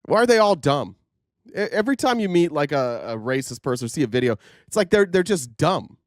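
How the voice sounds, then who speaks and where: A man's voice: fairly high pitch, sing-song, a little fast, dry recording, studio quality. A man hosting casual news commentary, rambling and sarcastic with plenty of fillers. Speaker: commentary host.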